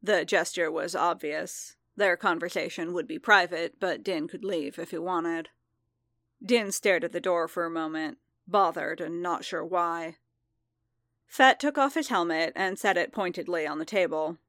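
A woman reads a story aloud in a calm, measured voice. Her pace is slow and her pitch sits low. The sound is dry and close to the mic. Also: dry recording. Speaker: narrator. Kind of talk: audiobook fan fiction reading.

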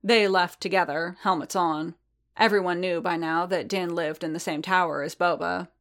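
A woman narrating a story in a steady, even reading voice. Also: lowish voice, gravelly. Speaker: reader.

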